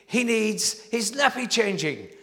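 A man's voice: sing-song, a little slow, sharp tone, in a large hall, exaggerated voice. Older man doing an eager little boy calling for mummy. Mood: pleading. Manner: high and pleading, calling for mother. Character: small boy, eager and insistent.

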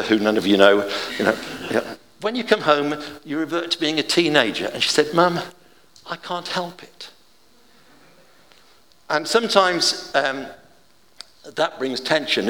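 An older man giving an informal, chatty sermon with gentle humour and family anecdotes. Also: mid-range voice, in a large hall.

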